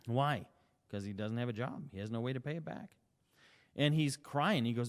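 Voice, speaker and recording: A man's voice: mid-range voice, expressive, fairly quick, in a large hall. A man giving an emphatic sales presentation, asking rhetorical questions and acting out short dialogues. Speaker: company CEO presenting.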